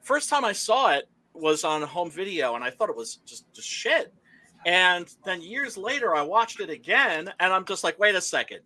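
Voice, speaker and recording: Animated, bright-voiced man in casual chat. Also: sits high, normal speed. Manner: animated, profane, laughing storyteller with many fillers. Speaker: podcast host. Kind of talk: casual chat about horror movies.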